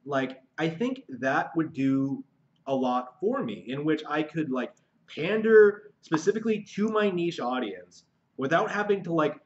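Halting man with a dull lo-fi sound. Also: on the high side. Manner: halting, many fillers and repeated restarts; frustrated, searching for words. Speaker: aspiring novelist vlogger. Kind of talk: unscripted monologue to camera.

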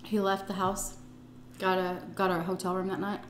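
A middle-aged woman tells a story from her own life on her home vlog, blunt and unfiltered, with swearing. Her voice sits at an ordinary pitch for a woman. It carries a roomy echo from the indoor space. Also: flat delivery, normal speed, slight background noise. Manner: blunt and profane, vivid retelling. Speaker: storytime vlogger. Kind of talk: casual storytelling. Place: indoors at home, eating on camera.

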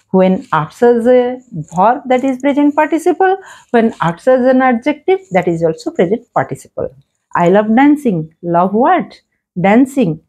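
A woman teaches grammar, her tone soft and slightly husky. Her pitch swings widely as she quizzes herself and answers. She repeats each example slowly and patiently. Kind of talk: explaining grammar lesson.

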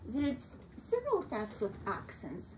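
A woman's voice: a little high, huge pitch swings, moderate pace, background noise. A woman with a Russian accent teaching a piano lesson, patient and coaxing, calling her student sweetie. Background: piano playing.

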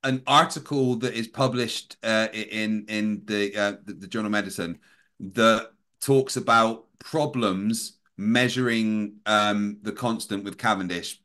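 A man's voice: lowish voice, fairly even intonation, measured pace, pushed and bright. A man co-hosting a casual livestream aftershow, telling rambling anecdotes full of fillers. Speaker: show co-host.

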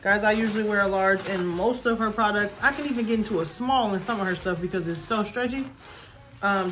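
A young adult woman filming a casual try-on haul at home, chatty and excited, calling viewers y'all and baby. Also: medium pitch. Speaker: fashion vlogger.

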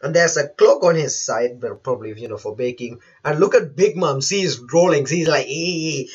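A man's voice: on the high side, lively intonation, normal speed, a little mellow, slightly rough, dull audio. A man who is not a native English speaker, chatting through a manga chapter live, reading panels aloud and laughing often. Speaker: manga reaction host. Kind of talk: live reaction commentary.

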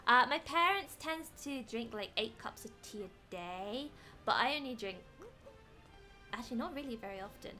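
Streaming a game with faint background music, a young British woman keeps up playful, casual chatter and exclamations as she plays. Her voice is fairly high and sharp-toned, animated, at a normal speed.

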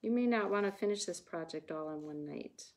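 A woman's voice: fairly low pitch, a little fast, darkish tone, a little hiss or hum. A woman with a Wisconsin accent hosting a casual livestream, chatting with viewers while she paints. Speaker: craft livestream host. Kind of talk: casual livestream craft chat.

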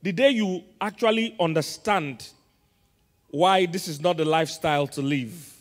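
Nigerian male pastor, lively call-and-response sermon, higher-pitched, reverberant church hall. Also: measured pace. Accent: Nigerian English. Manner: call-and-response preaching, quizzing the congregation. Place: large church auditorium.

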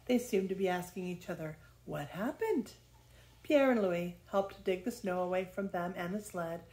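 A woman's voice: lowish voice, normal speed. Grandmother reading a children's story aloud. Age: older. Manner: lively, expressive storytelling.

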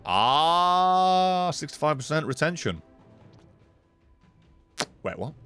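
A man's voice: on the high side, slow, clear, resonant tone. Guy streaming a game, sweary and jumpy, voice goes all over the place, bit of music faint behind. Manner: excitable and sweary, swinging between mutters and yelps. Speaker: streamer playing a video game. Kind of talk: casual gameplay commentary.

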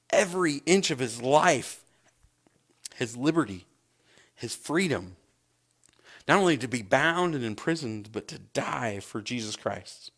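A man, a pastor preaching a sermon and acting out scripture scenes with big swings in his voice. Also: medium pitch.

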